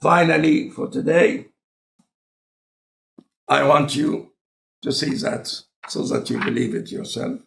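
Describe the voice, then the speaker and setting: Egyptian-accented man, gravelly. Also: fairly high pitch. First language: Arabic. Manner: deliberate, halting phrasing with non-native grammar. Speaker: scientist in conversation. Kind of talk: relaxed conversational lecture.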